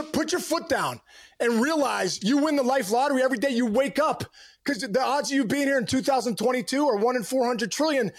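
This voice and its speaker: A middle-aged man, a former ballplayer, telling lively stories as a podcast guest, calling people bro. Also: extremely high pitch. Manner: energetic, storytelling with acted asides, calls people bro. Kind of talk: casual interview.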